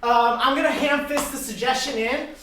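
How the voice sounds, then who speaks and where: A woman performing comedic improv, describing her own scene moves in a deadpan way. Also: high voice, normal speed, background noise. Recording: echoey room from far off.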